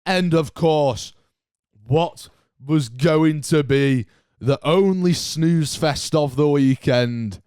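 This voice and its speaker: A man's voice: on the high side, takes it slowly, clear, resonant tone, no echo, studio quality. A young man hosting a solo podcast, chatting casually and ranting with lots of banter. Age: young adult. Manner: animated, ranting, banter-heavy. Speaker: podcast host.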